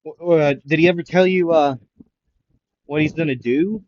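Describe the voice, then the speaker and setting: A man's voice: on the high side, normal speed, highs cut off, background noise, voice pushed up, natural voice. A man voicing a cocky young male hero who teases others in a casual way. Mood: teasing. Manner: teasing, casual.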